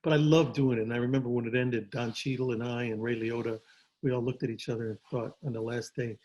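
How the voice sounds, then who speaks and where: Husky older man telling stories. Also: medium pitch, fairly even intonation, fast talker, darkish tone, dull audio. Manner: rambling, repeats words, restarts often. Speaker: interview guest, actor. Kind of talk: casual storytelling interview. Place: home.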